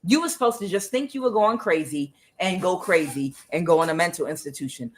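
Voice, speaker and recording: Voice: medium pitch, lively intonation, brisk, poor audio. A tarot reader giving a reading, talking emphatically with frequent fillers, repeating phrases and sometimes swearing. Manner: hesitant fillers between phrases.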